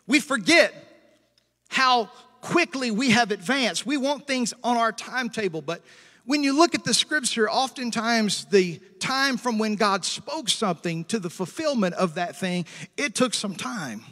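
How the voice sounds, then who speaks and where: A man's voice: very high voice, animated, pushed and bright, in a large hall. A male pastor preaching a sermon, stretching out scripture quotes and calling for amens from the congregation. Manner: preachy call-and-response with amens and hallelujahs; slows down to stress scripture quotes.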